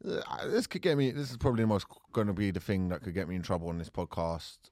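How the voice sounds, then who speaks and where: A man's voice: low voice, animated, fast, a little mellow, no echo. A man with a South London accent, co-hosting a podcast in a blunt, sweary, opinionated casual chat. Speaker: podcast co-host.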